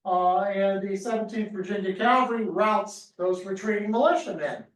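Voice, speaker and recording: Guy with a high voice telling history stories at a talk, kinda distant, echoey room. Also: moderate pace. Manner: storytelling, acts out crowd cries. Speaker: history speaker. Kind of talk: lively history lecture. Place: lecture room.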